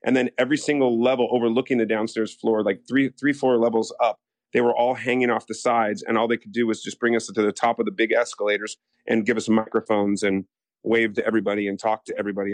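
A man's voice: lowish voice, quick pace, no room sound. A man from the United States, an actor telling stories in a casual interview, rambling with lots of restarts. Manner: rambling, animated, full of restarts and acted-out quotes.

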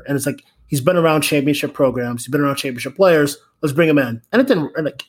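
A man's voice: on the high side, quick pace, few pauses. A man co-hosting a casual sports podcast, rambling with frequent restarts. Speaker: podcast co-host.

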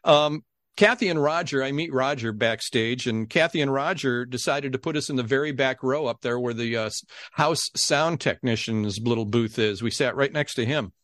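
A middle-aged man, a podcast guest, telling a story in a lively way and acting out the people in it. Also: medium pitch, normal speed, no room sound. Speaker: podcast guest, game show announcer. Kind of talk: animated storytelling.

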